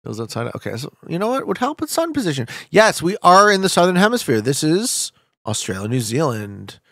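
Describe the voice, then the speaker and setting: Lively gravelly man streaming a geography game. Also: fairly high pitch, a little fast, no room sound, clean studio sound. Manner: energetic, talks to viewers, loud hype bursts then muttering. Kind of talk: casual gameplay commentary.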